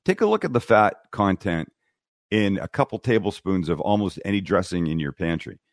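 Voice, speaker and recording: In a podcast studio, a studio microphone captures a low-pitched, moderately paced voice with no room sound. It belongs to a middle-aged TV and YouTube cooking host, here a guest in a casual interview, who tells blunt, animated stories and voices the people involved.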